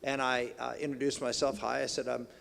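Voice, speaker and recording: Gravelly middle-aged man addressing a banquet hall. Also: mid-range voice, flat delivery, brisk, fairly bright tone. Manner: rambling, many restarts and fillers. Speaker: politician giving a banquet address. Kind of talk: folksy speech.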